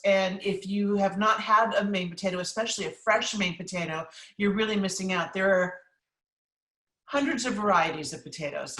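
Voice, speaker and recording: A bright, forceful-sounding woman chef from New England talks through recipes and audience questions, chatty and emphatic with plenty of ums. She sits a little back from the mic, and her voice carries a roomy echo. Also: medium pitch, recorded from a distance. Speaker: chef and cookbook author. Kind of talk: live cooking class Q&A, casual.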